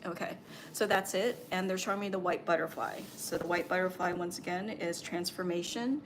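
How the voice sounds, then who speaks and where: A woman with a fairly low voice gives channeled spiritual guidance on a livestream. She rambles gently, stacks up ums and likes, and keeps a soothing, reassuring tone. Faint noise hums behind her. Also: steady tone, a little fast. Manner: meandering, filler-heavy, reassuring. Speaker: spiritual medium and Reiki healer.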